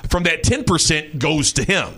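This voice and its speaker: Guy hosting a radio talk show, telling a wild story, bright voice, bouncy, mocking, keeps repeating himself. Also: fairly high pitch, moderate pace, slightly rough. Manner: animated, conspiratorial, mocking. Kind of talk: casual storytelling chat.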